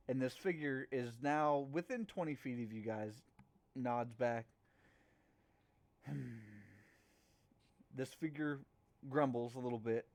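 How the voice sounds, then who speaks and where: A man narrating a tabletop game as game master in a halting way, with many fillers and restarts. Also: mid-range voice.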